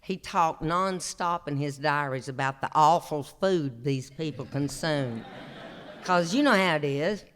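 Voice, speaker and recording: A man's voice: on the high side, a little slow, a bit bright, a little hiss or hum. A man in his sixties with an Appalachian accent, telling homespun stories on a stage in a drawling, chuckling way. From Appalachian North Carolina. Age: 60s. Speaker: traditional singer and storyteller. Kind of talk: folksy storytelling on stage. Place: opera house stage, live show.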